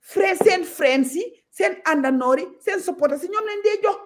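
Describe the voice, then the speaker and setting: A woman's voice: extremely high pitch, animated, moderate pace. A Gambian woman talking as a guest on a talk show, outspoken and passionate, moving freely between Wolof and English.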